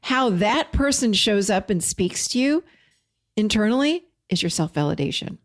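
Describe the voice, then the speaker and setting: A woman's voice: medium pitch, very animated, normal speed. A middle-aged woman, a therapist and life coach, giving an encouraging, conversational motivational talk straight to her viewers. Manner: warm encouraging, conversational, addresses viewers as you guys.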